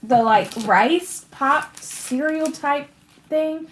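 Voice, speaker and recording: Woman vlog co-host, slow and high-pitched, casual tasting chat. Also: roomy sound, a little hiss or hum. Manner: unhurried, thoughtful commentary. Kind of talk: casual taste-test chat.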